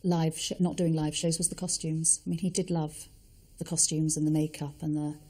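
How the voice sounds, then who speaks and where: A middle-aged woman with a deep, dark, mellow voice reminisces thoughtfully. She pauses often to find her words. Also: level tone. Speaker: interviewee. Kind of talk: reminiscing interview.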